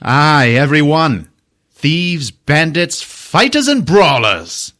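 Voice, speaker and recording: Brief: a man hamming up a cackling bandit chief, big high swooping voice, scornful. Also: big pitch swings, takes it slowly, full character voice. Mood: mocking. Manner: loud, cackling, theatrical. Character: boisterous male bandit leader, mocking, defiant.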